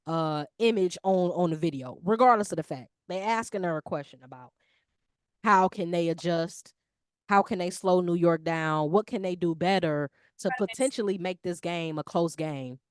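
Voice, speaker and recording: Woman co-host, animated casual sports talk, slangy, dry close sound. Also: on the low side, clear, resonant tone, dry recording. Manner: animated, slangy, lively talk about basketball. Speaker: podcast co-host.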